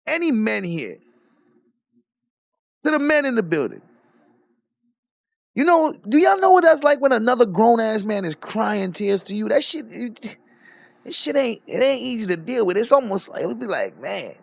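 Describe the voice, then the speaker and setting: Here's a streamer, male, whose high voice has a gravelly edge, spinning a story as an off-the-cuff, cussing rant. Lively and quick to laugh, he's captured on a dry recording, tight and close, without any room around him.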